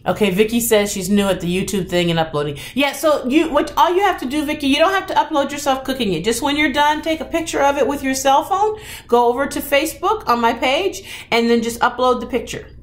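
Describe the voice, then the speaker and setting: A woman in her thirties chats casually on a live stream, answering viewer comments from her cooking channel. Her voice sits a bit high, and she laughs often and gets animated whenever she quotes someone. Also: a little fast. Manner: chatty and laughing often, animated voice when quoting people.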